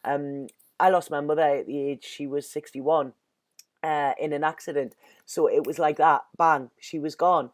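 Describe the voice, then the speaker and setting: A woman's voice: low voice, steady tone, normal speed. A woman with an English accent giving an earnest, emotional tarot reading in casual speech, constantly saying "you know" and sounding close to tears. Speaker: tarot reader.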